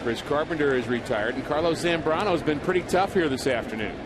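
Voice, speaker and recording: A man calling baseball play by play from the booth, his voice sitting fairly high for a man. He chats easily and slips sponsor reads in between plays. Clear stadium ambience and background noise run under the broadcast. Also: lively intonation, brisk. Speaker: play-by-play announcer. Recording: broadcast audio with clear crowd and ambience behind.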